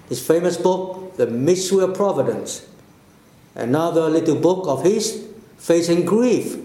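A man preaching a sermon slowly and deliberately, with emphatic phrases that fall away at the ends. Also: fairly high pitch, dark tone, echoey room. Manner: slow, deliberate, with falling emphatic endings.

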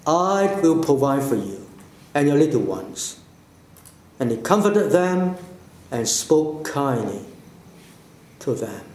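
A man preaching a sermon slowly and deliberately, with emphatic phrases that fall away at the ends. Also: a little high, sing-song, a little mellow, reverberant. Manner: slow, deliberate, with falling emphatic endings.

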